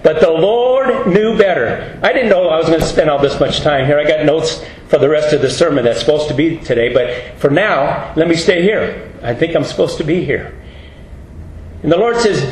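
A man's voice: on the high side, expressive, moderate pace, a little hiss or hum. A middle-aged man preaching a storytelling sermon as a pastor, folksy and earnest, acting out the voices he quotes. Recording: roomy hall with faint ambience.

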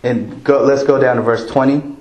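A man's voice: medium pitch, fairly even intonation, moderate pace, darkish tone. A man preaching a sermon, talking to the congregation in a conversational way and asking them questions. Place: church. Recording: roomy church echo.

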